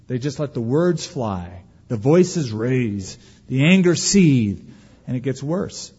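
A man preaching a sermon as pastor, folksy and humorous, with dramatic pauses. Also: a little high, dark tone, breathy edge, big-room sound, muffled recording.

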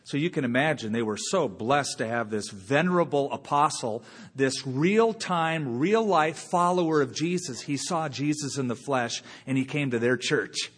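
A man preaching a sermon as a pastor, conversational and unhurried, with long dramatic pauses. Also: mid-range voice, lively intonation, husky. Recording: long church reverb.

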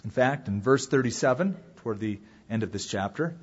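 A man preaching a sermon with dramatic swings from loud calls to quiet asides. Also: medium pitch, lively intonation, a little fast, breathy edge, highs cut off. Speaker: pastor.

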